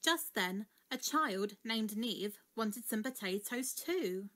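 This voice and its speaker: A woman narrating a children's story in an expressive read-aloud manner. Her voice sits somewhat high. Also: slow.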